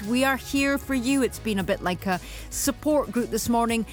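A woman's voice: on the high side, a little slow, soft background music. A woman with a Yorkshire accent presenting a morning radio phone-in, chatty and reading out listener texts. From England. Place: radio studio. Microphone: studio microphone.

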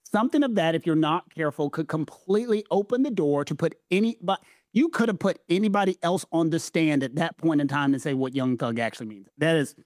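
A Southern US man with a fairly high voice breaks down legal questions in a casual chat. He leans on his stresses and repeats phrases for weight. The recording is dry and close. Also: fairly quick, darkish tone, dry recording. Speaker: legal analyst co-host.

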